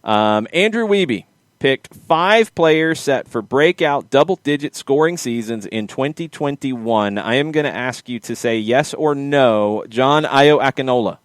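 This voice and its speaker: A man hosting a casual soccer podcast, quick and lively, teasing his co-hosts. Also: medium pitch, smooth, dry recording, studio quality. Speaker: podcast host. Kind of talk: casual sports chat.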